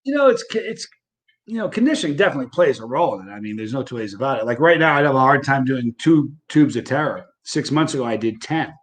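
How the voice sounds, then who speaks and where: A man speaking as a guest in a casual interview, relaxed and conversational, often restarting sentences. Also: medium pitch, fast. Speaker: interview guest, hot-sauce eater.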